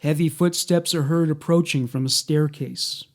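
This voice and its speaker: A man reading a scripted documentary narration in a measured, matter-of-fact way. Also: fairly high pitch, fairly even intonation, darkish tone.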